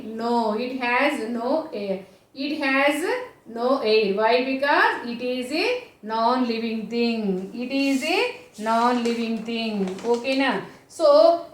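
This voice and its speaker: A high-voiced woman with an Indian English accent teaches science to small children, slowly and patiently. She asks a question, answers it herself and repeats the key point. Her voice comes from some way off in an echoey room. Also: far from the mic.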